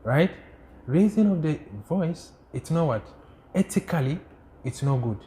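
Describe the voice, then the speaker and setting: A man teaching a class on religion, who keeps asking rhetorical "what?" questions, answers them himself, and recites Arabic quotations quickly. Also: fairly high pitch, lively intonation, warm tone. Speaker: Islamic studies teacher.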